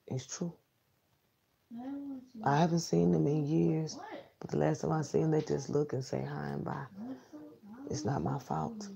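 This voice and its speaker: A woman's voice: sits low, creaky, warm tone, dull audio. A woman telling a personal story casually, in a blunt, emphatic, profane way.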